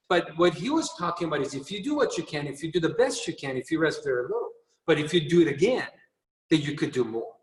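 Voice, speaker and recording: A man's voice: a little high, animated, fast, echoey room, long reverb tail, distant mic, poor audio. A man chairing a company video call, giving an earnest, repetitive motivational talk and laughing at his own jokes. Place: training room.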